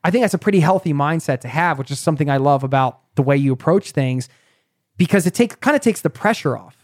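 A man hosting a podcast interview, asking questions in a rapid, playful, probing way. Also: fairly high pitch, animated, darkish tone, dry recording, clean studio sound. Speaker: podcast host. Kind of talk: casual interview.

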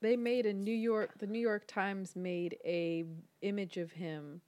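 A woman co-hosting a podcast in casual chat, jumping in with quick questions and playful quips. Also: mid-range voice, steady tone, darkish tone, dry recording. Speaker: podcast co-host.

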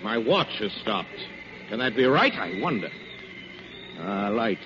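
A swaggering gunman fresh from hell, who spouts grandiose rhyming boasts with wild swoops of pitch. Dull, faintly hissy old radio play recording with plenty of theatrical flair. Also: big pitch swings, measured pace. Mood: brooding. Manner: theatrical, pompous rhyming verse. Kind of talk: 1940s radio acting.

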